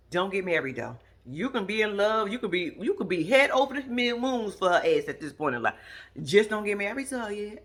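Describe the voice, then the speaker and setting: A woman giving blunt, sassy, profane running commentary as a recap vlog host. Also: moderate pace. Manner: lively, swoops high for asides.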